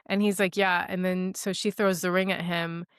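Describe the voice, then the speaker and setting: A woman with a lowish voice cheerfully recaps a film plot for her co-host, slipping into quick impressions of the characters. The audio is dry and close, with no room sound. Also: clear, resonant tone, dry recording. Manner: animated storyteller, acting out characters' lines, laughing often. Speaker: podcast co-host. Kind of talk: casual film recap chat.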